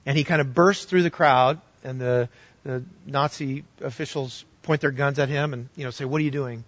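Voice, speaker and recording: A man preaching a sermon as pastor, telling a story earnestly and swinging from loud to hushed. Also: medium pitch, steady tone, normal speed, dull audio.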